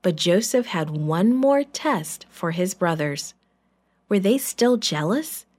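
A woman narrating a Bible story in a measured, clear scripted reading. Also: lowish voice, expressive, a little mellow.

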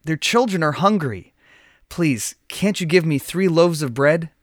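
A man's voice: on the high side, lively intonation, measured pace, no room sound, studio quality. A man voicing an anxious neighbor who begs a favor in a pleading, apologetic way in a read-aloud story.

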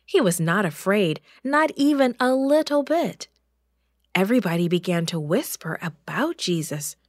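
A woman narrating a children's story in a gentle, expressive way, rising for dramatic moments. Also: mid-range voice, normal speed, dry recording, studio quality.

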